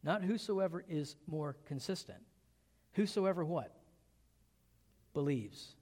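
A man with a fairly high voice preaches a sermon. He asks his listeners rhetorical questions and leans hard into his key words. His voice rings out with a long reverb, as in a large church hall. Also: takes it slowly, darkish tone. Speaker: pastor.

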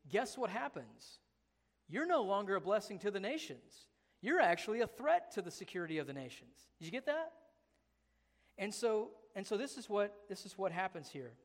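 A high-voiced man preaches a sermon in a hall with long reverb. The pastor is emphatic yet conversational, peppering his delivery with rhetorical questions.

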